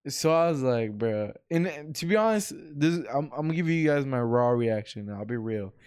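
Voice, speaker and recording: A man's voice: fairly high pitch, lively intonation, brisk, darkish tone, clear, resonant tone. A young man co-hosting a podcast who tells his side candidly in casual chat, swearing and using many fillers. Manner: candid storytelling, profane, fillers. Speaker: podcast co-host.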